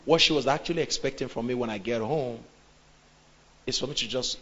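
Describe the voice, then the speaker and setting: A man's voice: mid-range voice, fairly quick, a little hiss or hum. Nigerian man preaching on marriage. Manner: lively preaching with acted quotes and questions to the audience. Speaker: pastor and relationship coach. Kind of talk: sermon on marriage. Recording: dull lo-fi sound.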